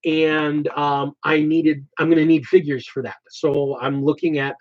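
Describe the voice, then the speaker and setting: A man's voice: a little high, level tone, unhurried, darkish tone. A man hosting a casual hobby channel chat, thinking aloud as he explains his plans. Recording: slightly dull lo-fi audio.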